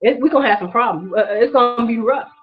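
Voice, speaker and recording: Woman, vlog host, emotional rant, profane, repetitive, near tears, higher voice, dull lo-fi audio. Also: quick pace, breathy edge. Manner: profane, repetitive, impassioned street-talk rant. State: emotional, holding back tears.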